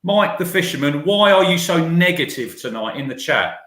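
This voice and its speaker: A man's voice: a little high, expressive, moderate pace, pushed and bright. Bantering man co-host in echoey room. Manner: interrupting, jokey banter. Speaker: podcast co-host. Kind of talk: casual football podcast chat.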